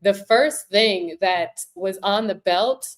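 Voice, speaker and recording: A woman from New York, the host, talks in an easy, casual way. She tells stories and briefly acts out the people she quotes, at a middle pitch. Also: slow. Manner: storytelling, acts out quoted voices. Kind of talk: casual chat.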